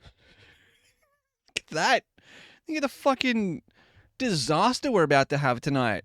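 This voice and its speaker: Male streamer in his 20s, upbeat casual chatter with a lively, slightly high voice, cursing freely, dry close recording. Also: measured pace, dry recording. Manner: animated, chatty, swears casually. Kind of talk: casual live-stream chat with viewers. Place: at home at his desk.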